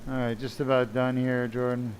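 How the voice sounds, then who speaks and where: A man's voice: medium pitch, level tone, moderate pace, slight background noise. Chatty male surgeon narrating live surgery. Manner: chatty, self-deprecating, talks to viewers while working. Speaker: spine surgeon. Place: operating room.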